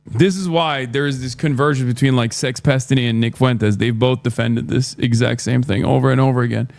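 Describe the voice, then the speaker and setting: A man's voice: medium pitch, steady tone, brisk, gravelly, darkish tone, no echo, faint music behind. A man doing livestream commentary, blunt and sarcastic, often swearing. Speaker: streamer.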